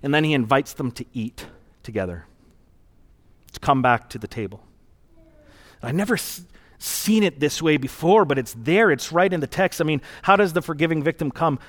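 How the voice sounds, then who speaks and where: A man's voice: on the high side, animated, moderate pace. A man preaching a sermon as pastor, in an earnest, conversational and reflective storytelling manner.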